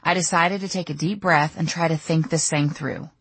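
A woman's voice: low voice, fairly even intonation, moderate pace, breathy edge, dry recording. A middle-aged woman narrating her own audiobook memoir in a candid, storytelling way. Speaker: author reading her memoir.

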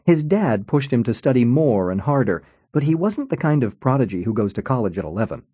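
A man narrating a novel in a wry, expressive storytelling manner. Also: mid-range voice, husky, no room sound. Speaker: audiobook narrator. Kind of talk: scripted narration.

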